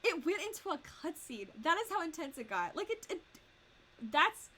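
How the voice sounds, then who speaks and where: A young woman streaming a video game, talking in an excitable, gushing, rambling way about what just happened. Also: very high-pitched, moderate pace. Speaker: Let's Play streamer. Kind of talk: casual gaming commentary. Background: game music.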